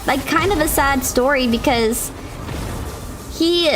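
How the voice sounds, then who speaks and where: A young woman streaming a video game, chatting casually with viewers and reacting with loud shrieks. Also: high voice, takes it slowly. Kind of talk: casual live-stream chat while gaming. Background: game music and sounds.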